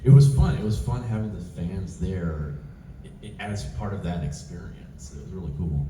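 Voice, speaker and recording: A man sharing laughing, animated anecdotes as a guest on a convention panel. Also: low-pitched, normal speed. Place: large convention hall. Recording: roomy hall, distant mic, audible noise.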